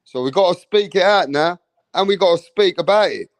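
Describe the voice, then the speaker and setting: A man with an English accent giving a profane, comedic rant as a boxing commentator, animated and full of swearing and mocking impressions. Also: high-pitched, a little fast, no room sound.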